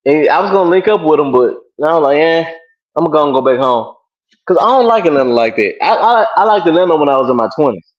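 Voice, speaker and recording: Profane livestream host, lo-fi sound. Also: male voice, on the high side, animated, quick pace. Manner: loose, profane banter. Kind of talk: casual livestream chat.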